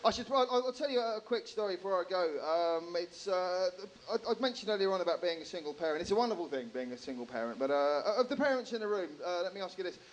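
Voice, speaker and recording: A man doing a stand-up comedy set in a live room, animated, swearing freely and acting out characters. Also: sits high, quick pace, hardly any pauses, lo-fi sound, a little hiss or hum.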